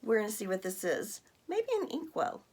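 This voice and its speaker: A woman vlogger chatting casually while unboxing gifts, gushing and excitable, exclaiming and laughing often. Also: medium pitch, normal speed. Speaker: vlogger opening mail.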